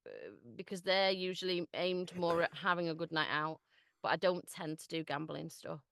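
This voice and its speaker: Laughing Mancunian woman, slightly low voice. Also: level tone, moderate pace, fairly bright tone, no echo, clean studio sound. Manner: chatty, laughs often, swears casually. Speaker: voice actor guest. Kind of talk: casual podcast chat.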